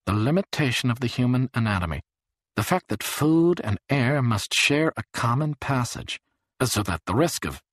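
A man reading an audiobook, voicing an odd, clinical man who talks in smooth, jargon-laden phrases. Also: mid-range voice, animated, moderate pace, no room sound, voice pushed up, natural voice. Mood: detached.

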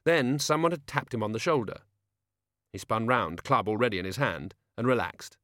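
A man narrating a story as an audiobook, steady and wry. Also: mid-range voice, moderate pace, dry recording, studio quality.

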